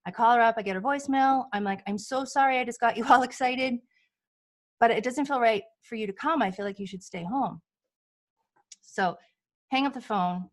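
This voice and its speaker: A woman with a fairly high voice tells personal stories in relaxed conversation. She is lively and acts out the lines she quotes. She speaks as a healer who is a guest on a talk show. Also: moderate pace. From United States. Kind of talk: casual storytelling chat.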